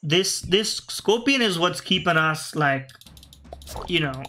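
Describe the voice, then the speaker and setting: A man's voice: fairly high pitch, lively intonation, slow, bright, forceful tone. A man giving casual, rambling commentary over a video game, often correcting himself mid-sentence and talking to his game pieces. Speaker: gaming video host.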